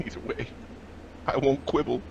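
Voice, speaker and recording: A man's voice: mid-range voice, fairly even intonation, moderate pace, gravelly, lo-fi sound, a little hiss or hum. A man playing in a tabletop game, chatting casually and drawing out his turns. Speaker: player.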